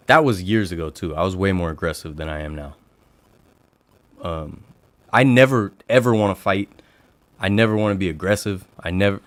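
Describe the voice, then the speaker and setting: A man's voice: low-pitched, no echo. A man hosting a livestream, chatting casually and telling a story, acting out the exchanges he quotes. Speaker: livestream host. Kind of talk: casual storytelling to a live chat.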